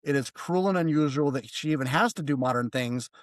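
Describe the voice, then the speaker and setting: Animated guy telling a wild story on a podcast, kinda high voice, dry close mic. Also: fairly quick, no room sound. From United States. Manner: animated, swearing, mimics voices in quotes. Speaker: podcast guest. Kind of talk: casual storytelling.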